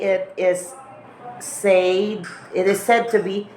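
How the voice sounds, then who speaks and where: Woman teacher, slow careful lesson, lowish voice, echoey room w faint hum. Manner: slow, repeats example words to model pronunciation. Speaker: English teacher. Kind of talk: recorded lesson on English accents.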